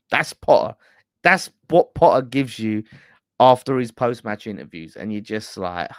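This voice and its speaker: A man's voice: lowish voice, very animated, unhurried, no echo, studio quality. A man hosting a casual fan live stream, ranting bluntly with swearing and laughter. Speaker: fan channel host.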